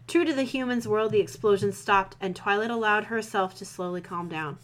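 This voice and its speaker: A woman's voice: mid-range voice, a little fast, hardly any pauses. A woman hosting a podcast, casually reading fan fiction aloud and correcting her own slips as she goes. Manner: relaxed, stumbles and self-corrects while reading. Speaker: podcast host reading stories.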